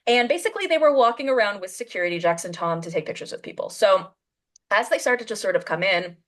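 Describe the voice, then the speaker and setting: Lively fast-talking woman on a video call. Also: medium pitch. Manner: animated, acts out quoted voices. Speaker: podcast host telling a story. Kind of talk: casual storytelling chat.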